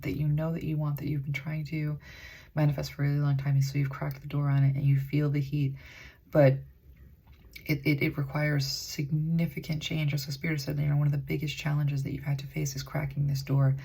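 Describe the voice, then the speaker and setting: Gravelly, husky-voiced woman tarot reader. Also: low-pitched, flat delivery, a little fast, mellow. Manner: rambling, filler-heavy, earnest. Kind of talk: spoken tarot reading.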